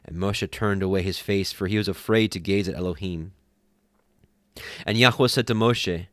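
A man reading scripture aloud at a steady pace, sometimes correcting himself. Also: low-pitched, moderate pace, dry recording, studio quality. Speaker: scripture reader.

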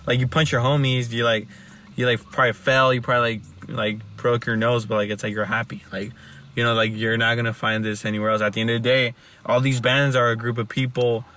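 A man's voice: medium pitch, level tone, fairly quick, sharp tone, recorded from a distance, a little hiss or hum. A young man hosting a casual chat, rambling with lots of fillers, restarts and swearing.

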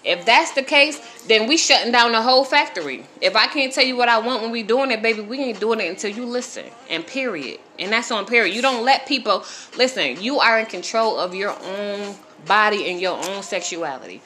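A woman's voice: fairly high pitch, lively intonation, a little fast, bright, forceful tone. A woman around forty talking unscripted on a live stream, giving blunt, profane advice straight to her viewers. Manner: blunt, profane, preachy, addresses viewers directly.

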